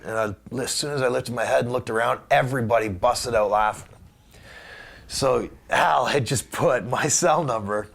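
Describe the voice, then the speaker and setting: A man being interviewed, telling a story in a casual, animated way and acting out the voices of the people in it. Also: mid-range voice, vocal fry. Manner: animated anecdote teller who acts out quoted voices. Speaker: guest wrestler.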